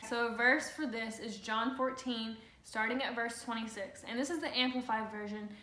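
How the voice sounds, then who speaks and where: A woman's voice: on the high side, fairly even intonation, normal speed, sharp tone. A woman co-hosting a casual talk on the Bible, chatty and full of fillers and restarts. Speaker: co-host. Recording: echoey room.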